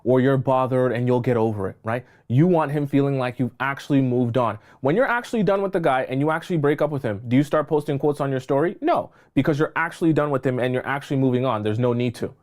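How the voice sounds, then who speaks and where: A man's voice: mid-range voice, quick pace, hardly any pauses, darkish tone. A male dating coach speaking on a livestream in an emphatic, insistent way. He hammers each point home, repeats himself and keeps asking "okay?" to make sure his viewers are following. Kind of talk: livestream advice talk.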